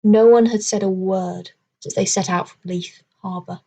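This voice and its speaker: A woman narrating a children's adventure novel in a steady, measured reading voice. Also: mid-range voice. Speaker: audiobook reader. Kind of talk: storybook narration.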